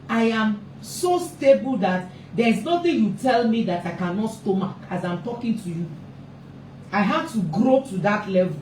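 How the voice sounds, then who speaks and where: Her voice fairly high and a little mellow, this woman, a family therapist who speaks on parenting, argues passionately and with emphasis, repeating herself for stress while her voice is slightly raised. The distant mic picks up a roomy echo and a faint ambient hum.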